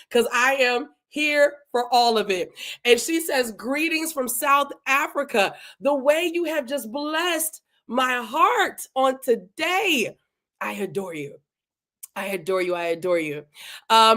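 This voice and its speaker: A woman hosts a live-streamed podcast, chatting with her viewers in a warm, effusive way. Her voice sits a little on the high side. She greets people by name and talks loosely and casually. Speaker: podcast host. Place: home, Delaware.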